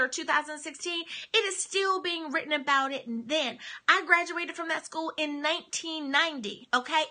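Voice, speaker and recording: A woman's voice: high voice, pushed and bright. A middle-aged woman giving an emphatic motivational talk in a preacher's style, repeating her key lines. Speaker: motivational speaker and minister. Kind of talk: live-streamed motivational talk.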